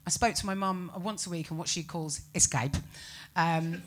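A British woman performing a stand-up comedy set, ranting with incredulous, animated exclamations. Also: on the low side, unhurried, a little hiss or hum. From Britain.

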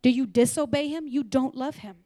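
A woman preaching a sermon to a church, animated and laughing, sometimes dropping into whispers. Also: high voice, a little fast, no echo, studio quality.

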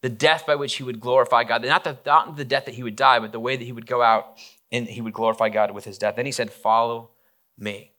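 A man's voice: medium pitch, steady tone, fast talker, sharp tone. A man preaching a casual, conversational sermon, retelling a story with acted-out quotes and frequent restarts. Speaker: pastor.

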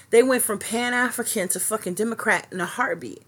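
A woman's voice: fairly high pitch, fairly quick, fairly bright tone, breathy edge. A woman hosting her own podcast, talking alone in a passionate, profane rant that rambles with many fillers and restarts. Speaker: podcast host. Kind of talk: solo podcast monologue.

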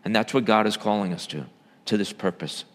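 A man, a church elder, preaching a sermon, swinging between loud emphatic bursts and low quiet asides. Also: brisk, in a large hall.

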